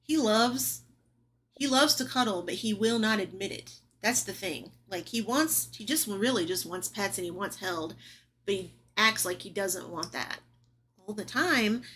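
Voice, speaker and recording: A woman's voice: mid-range voice, lively intonation, a little slow, fairly bright tone, a little hiss or hum. A young woman chatting casually at home, sometimes cooing in baby talk to her cat. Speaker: vlogger. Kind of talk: casual home vlog chat.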